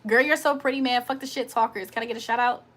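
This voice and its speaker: Blunt high-voiced woman streamer. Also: steady tone, fast talker, a bit bright. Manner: blunt, profane, confrontational. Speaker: livestream host. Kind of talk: casual live chat to viewers.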